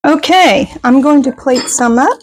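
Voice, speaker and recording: A woman talks through her cooking in a home kitchen, her voice sitting a little high. She is chatty and folksy, and she pokes fun at herself in an easy, casual way. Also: measured pace, background noise. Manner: chatty, self-deprecating, folksy. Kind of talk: casual cooking vlog chat.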